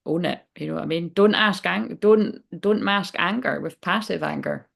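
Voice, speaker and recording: Sex: woman. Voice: gravelly, chatty card reader. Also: medium pitch, moderate pace. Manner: chatty, rambling, swears casually. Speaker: spiritual coach and oracle card reader. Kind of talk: casual spiritual card reading.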